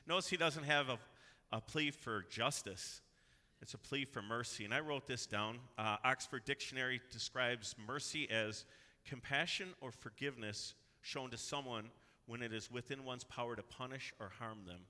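A man's voice: medium pitch, normal speed, bright, forceful tone. A man preaching a sermon in a church, reading scripture and exhorting his congregation with earnest emphasis. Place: church sanctuary. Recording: long hall reverb.

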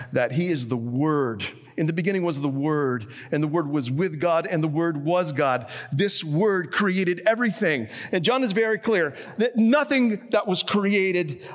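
Guy preaching a sermon, kinda high voice, goes quiet then punchy, big hall echo. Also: measured pace. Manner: animated, swings between hushed and emphatic.

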